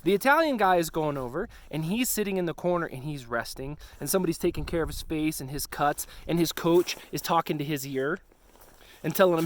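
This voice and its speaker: A man's voice: fairly high pitch, animated, a little fast, no echo. A middle-aged man speaking outdoors on a snowy slope, earnestly urging pastors with direct questions and a preacher's push. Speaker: retreat ministry founder. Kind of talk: outdoor pep talk to pastors.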